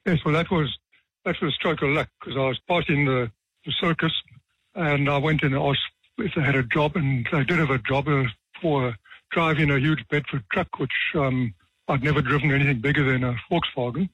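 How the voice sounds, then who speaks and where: A man in his seventies with a slightly husky voice, unhurried and dry-witted, recounting old courtroom and circus stories. He comes across as a retired judge from South Africa. The sound is dull and flat, a dry radio studio recording. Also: a little high, no room sound. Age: 70s. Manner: dry, self-deprecating humor, measured pace with pauses. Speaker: retired judge, author guest. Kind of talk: relaxed anecdotal storytelling.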